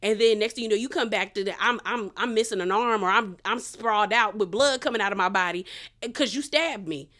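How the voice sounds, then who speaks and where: A woman hosting a casual reality TV review, telling it in a chatty, colloquial, animated way full of slang. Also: mid-range voice, brisk. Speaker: reality TV recap host.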